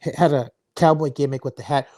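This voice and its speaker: A man's voice: on the high side, fairly even intonation, fast, mellow. A man, a wrestling guest, telling a long story in an interview, laughing often and restarting words.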